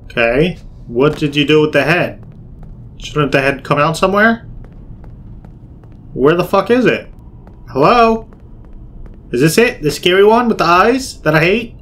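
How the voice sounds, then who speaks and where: A man giving loud, jokey game commentary, swearing and yelping in fright as he plays. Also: fairly high pitch, expressive, a little slow, pauses often. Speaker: gaming video creator.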